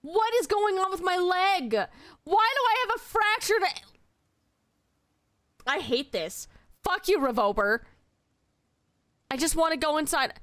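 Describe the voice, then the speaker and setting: Young woman streamer, high bright voice, exasperated and swearing, dry close mic. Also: animated, a little slow, pauses often, dry recording. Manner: exasperated, swearing, yelling at chat. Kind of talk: live game streaming.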